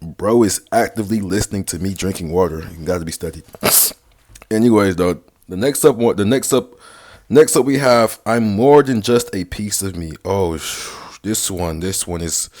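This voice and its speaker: A man's voice: on the low side, darkish tone. Slangy young man giving dating advice. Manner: slangy, rambling, sarcastic delivery with basketball lingo. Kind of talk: casual vlog talk.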